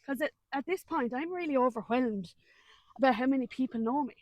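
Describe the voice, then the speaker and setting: A woman's voice: high voice, a little fast, no room sound, dull audio. A woman in her thirties with an Irish accent, a guest animatedly telling a personal story in a casual, colloquial way.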